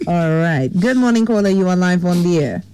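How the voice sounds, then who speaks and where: A woman co-hosting a radio show, briskly taking calls and cueing breaks. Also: on the low side, expressive, dark tone, smooth. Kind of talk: casual radio chat.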